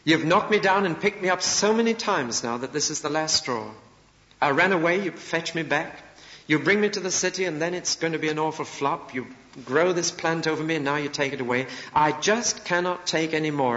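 A man's voice: on the high side, moderate pace, fairly bright tone, close to an everyday voice. A man preacher voicing a weary, exasperated male prophet who complains and pleads, in an echoey hall with dull lo-fi sound. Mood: exhausted.

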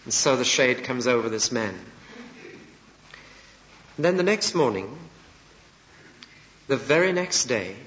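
A man's voice: medium pitch, a bit bright. Man preaching in an echoey hall. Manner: vivid storytelling, shifting emphasis. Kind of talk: expository sermon. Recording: echoey hall, dull lo-fi sound.

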